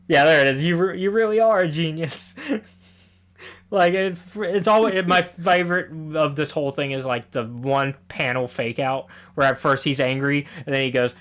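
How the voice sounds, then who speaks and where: A man co-hosting a casual comics podcast, his voice sitting a little higher than most men's. He's animated, slipping into character voices to act out scenes and swearing freely as he goes. He laughs often while he talks. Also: measured pace. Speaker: podcast co-host. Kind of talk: casual chat about comics.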